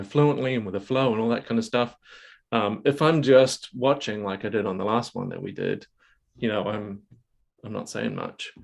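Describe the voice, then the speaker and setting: A man hosting a casual group video call, talking thoughtfully with many fillers and restarts. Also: medium pitch. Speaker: host. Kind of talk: casual panel discussion.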